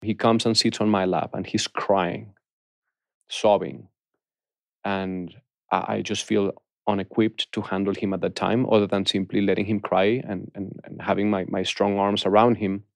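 A man with a low voice, full of gravel, tells a personal story as a guest in a recording studio. He talks earnestly and haltingly, often starting his words over. The studio sound is dry and close. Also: level tone, no echo. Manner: earnest, halting, with soft restarts.

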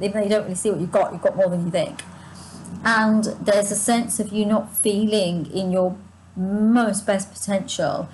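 In poor audio with some hiss or hum, a tarot reader of medium pitch offers a spontaneous spiritual reading to her audience. She gropes for words with frequent restarts and asides, sighing and yawning, her breath short and her throat sore.

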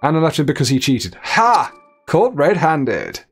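A man's voice: fairly high pitch, sing-song, moderate pace, darkish tone, slightly rough, faint music behind. A man streaming a game, joking his way through it and reading texts and chat messages aloud. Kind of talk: gameplay commentary.

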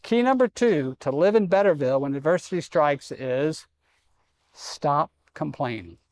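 A man's voice: a little high, expressive, normal speed, darkish tone. A middle-aged man preaching a sermon in a church, conversational and self-deprecating with humor. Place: church sanctuary.

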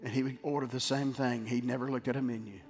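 A middle-aged man preaching a sermon as pastor, shifting from emphatic exhortation to quiet, tender storytelling. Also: mid-range voice, flat delivery, fast. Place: church sanctuary. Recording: hall reverb with faint music.

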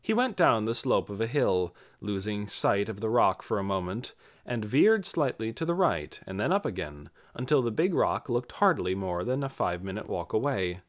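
A male audiobook narrator reads with a lively, rising and falling voice. His storytelling is expressive and scripted. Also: on the low side, normal speed.

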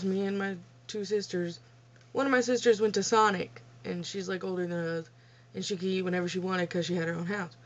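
A young woman telling childhood stories in a casual vlog Q&A, blunt and profane, often laughing at herself. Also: mid-range voice. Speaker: vlogger. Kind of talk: casual storytelling Q&A. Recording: dull lo-fi home recording.

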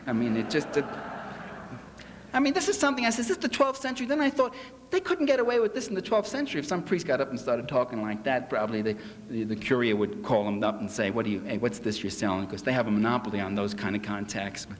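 A man's voice: mid-range voice, very animated, fast. A man giving a sarcastic, mocking public lecture to a convention audience in a hall. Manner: sarcastic, mocking delivery with acted quotes. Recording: echoey hall with faint ambience.

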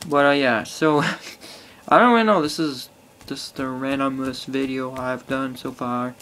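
A man's voice: medium pitch, measured pace, fairly bright tone, a little hiss or hum. A teenage boy rambling casually to an iPod camera, full of fillers and swearing. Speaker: vlogger. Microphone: phone or iPod held close.

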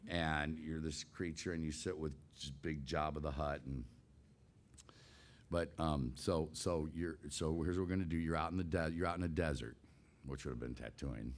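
A man in his sixties, a guest voice actor, telling an anecdote in a casual, animated way, laughing often and acting out scenes. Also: rumbling low, moderate pace.

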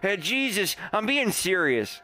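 A man's voice: sits high, very animated, unhurried, over a noisy crowd. A man chatting casually on a live stream, laughing often and swearing freely.

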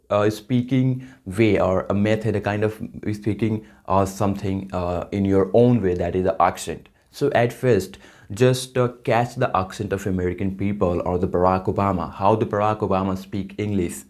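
A man from India with an Indian accent, giving a casual spoken-English tutorial in an earnest, halting way with frequent restarts. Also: lowish voice, darkish tone.

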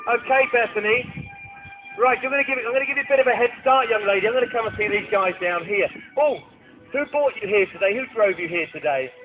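A cheerful man with a high voice hosts a live falconry display in an outdoor arena, teasing and encouraging the children he brings up from the audience. The sound is thin and phone-like, recorded on a camcorder, with music playing clearly in the background. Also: fast talker. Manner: jokey, cheerful, coaxing children. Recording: tinny phone-like camcorder audio with music behind.

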